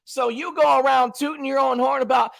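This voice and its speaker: A man's voice: very high-pitched, steady tone, fairly quick, vocal fry, a bit bright. A man hosting his own livestream, casually trash-talking a rival in colloquial slang and talking straight to his chat. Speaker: channel host.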